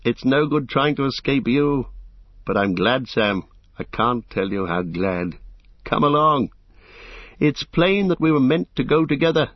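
A man reading aloud and voicing a gentle but resolute young male hobbit, kindly yet firm and measured. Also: medium pitch, expressive, no room sound. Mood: warm. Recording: dull lo-fi dry recording.

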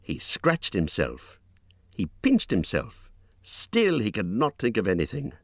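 Deep-voiced male audiobook narrator. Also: no room sound, studio quality. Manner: measured, expressive storytelling.

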